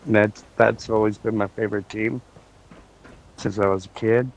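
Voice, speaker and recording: A man's voice: on the low side, steady tone, moderate pace, a little hiss or hum, rough recording. A man chatting casually on a game stream as co-host, joking and easygoing. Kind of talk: casual chat.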